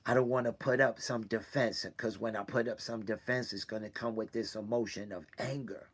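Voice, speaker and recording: A man talking to his regular viewers, hurt and close to tears, halting and repeating himself between sighs. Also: on the low side, fairly even intonation. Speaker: weekly video host. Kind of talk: personal confessional talk. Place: indoors in a room.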